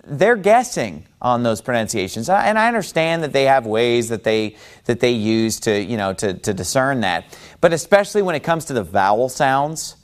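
A man speaks as a Bible teacher, making his case with firm conviction. He pushes his points hard and keeps asking rhetorical questions before answering them himself. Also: mid-range voice. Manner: emphatic, argumentative, frequent rhetorical questions. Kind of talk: persuasive teaching talk.

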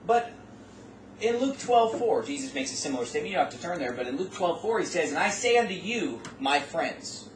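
Male preacher, fairly high voice, folksy and exhorting, distant mic in a roomy church hall, faint background noise. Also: sing-song, fairly quick. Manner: exhorting, rising to emphatic peaks; folksy asides and rhetorical questions. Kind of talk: sermon.

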